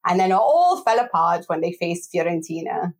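Woman talking football on a podcast, quick and exasperated, laughs a lot. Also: fairly low pitch, big pitch swings. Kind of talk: casual podcast discussion.

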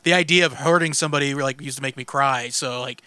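A man's voice: medium pitch, quick pace, sharp tone, clear, resonant tone, no room sound. A man co-hosting a podcast, musing casually with fillers and short reactions. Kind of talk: casual chat.

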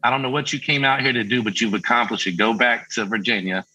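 A man's voice: medium pitch, fast, soft background music, low-quality recording. A middle-aged man telling a story in casual chat, acting out the voices of the people he quotes. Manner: lively, acts out quoted voices. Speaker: band member guest.

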